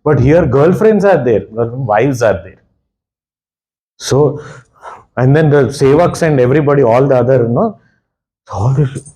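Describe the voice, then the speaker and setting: A man's voice: medium pitch, animated, mellow, rough recording. A man giving a devotional discourse, retelling a scripture story and explaining its verses. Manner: explains verses, chants Hindi couplets quickly.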